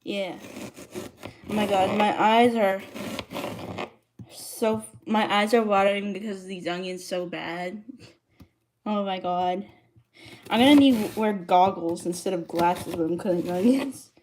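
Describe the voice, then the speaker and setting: A woman's voice: mid-range voice, fairly even intonation, measured pace, pauses often, noisy background. A woman cooking on a livestream in her home kitchen, chatting casually as she greets viewers and reads the chat aloud. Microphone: streaming mic.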